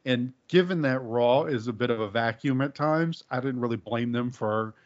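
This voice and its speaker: A man's voice: medium pitch, normal speed. A man hosting a casual podcast, talking in a laid-back, rambling way with lots of fillers. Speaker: podcast host. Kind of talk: casual wrestling podcast chat. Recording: dull lo-fi podcast audio.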